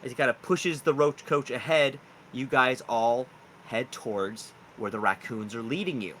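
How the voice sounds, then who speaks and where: A man narrating a tabletop game as game master, animated and quick to break into silly singing and laughter. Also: mid-range voice, slight background noise, low-quality recording.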